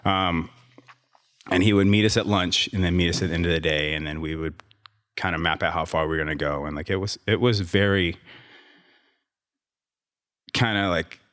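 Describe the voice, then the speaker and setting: A man with a very low, deep voice tells a long personal story in a casual interview. He rambles, restarts his sentences and slips in sarcastic asides. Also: normal speed, long pauses, fairly bright tone. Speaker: guest, gym owner and trainer.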